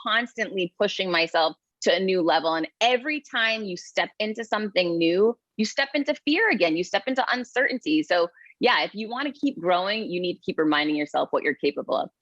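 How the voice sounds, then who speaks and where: Woman, podcast guest, energetic, emphatic, dry, dull sound. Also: medium pitch, fairly quick, dry recording. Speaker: guest, keynote speaker and author. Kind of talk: podcast interview, motivational storytelling.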